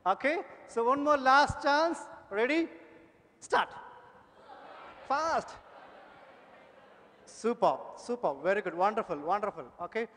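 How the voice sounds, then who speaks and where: A man, an energetic conference presenter coaxing an audience through speaking drills with repeated cues. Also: very high-pitched, measured pace, pauses often. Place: large conference hall. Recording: long hall reverb.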